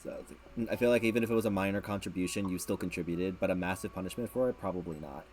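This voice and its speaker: A man's voice: sits low, racing, a little mellow, a little hiss or hum. A man hosting a casual late-night stream chat, rambling and repeating words, laughing often. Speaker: streamer host.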